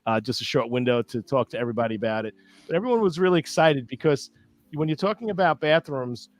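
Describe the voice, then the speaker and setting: A man's voice: mid-range voice, animated, fast. A man from New York co-hosting a live show, speaking with enthusiasm and often stumbling over words. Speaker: co-host. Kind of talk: casual live show chat.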